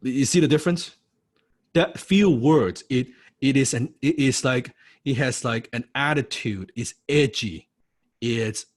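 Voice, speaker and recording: A man of medium pitch speaks at normal speed while teaching a recorded course lecture. The course instructor keeps it blunt and punchy, firing rhetorical questions, checking "right?" after each point, and occasionally swearing to stress something.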